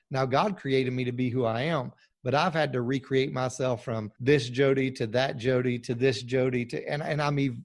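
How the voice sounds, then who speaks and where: A man speaking as a pastor guest on a podcast interview, emphatic and preacherly, with frequent restarts. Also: mid-range voice.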